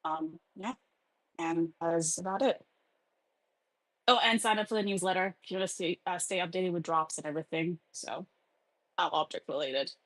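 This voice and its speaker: A woman's voice: lowish voice, normal speed, long pauses, dry recording, rough recording. A woman hosting a casual online community call, chatty and full of filler words. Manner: chatty, lots of "like" and "um". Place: home over an online audio room.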